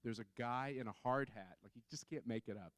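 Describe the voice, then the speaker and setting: A man's voice: medium pitch, brisk, dry recording. A man on a conference panel telling a story in a chatty way, full of fillers and restarts. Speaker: panel speaker.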